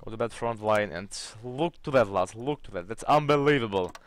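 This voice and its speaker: A man's voice: lowish voice, moderate pace. A young man commenting on his strategy game as he plays, thinking aloud and swearing when the game bugs out. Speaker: let's play host.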